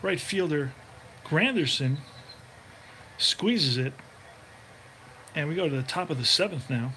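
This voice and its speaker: Over a faint hiss, a man narrates a tabletop baseball game radio-announcer style, calling every roll and play at a slightly slow pace. His voice is a little higher than most men's, and he stays relaxed and chatty, thinking aloud while checking things.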